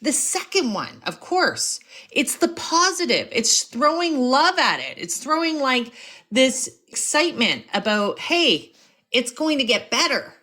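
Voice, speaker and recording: A woman hosts a live motivational stream, coaching her viewers in an upbeat, direct way. Her pitch swings widely from line to line, and she sounds animated throughout. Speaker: host.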